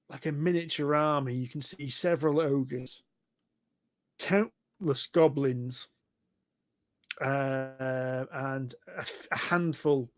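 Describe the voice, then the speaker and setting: A man, narrating a tabletop game as game master in a chatty style, often laughing. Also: on the high side.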